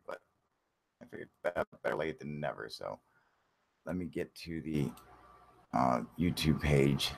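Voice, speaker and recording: A man's voice: rumbling low, vocal fry, breathy edge. A man hosting a live stream in casual chat, talking loosely and profanely, chuckling often and greeting viewers by name. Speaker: livestream host.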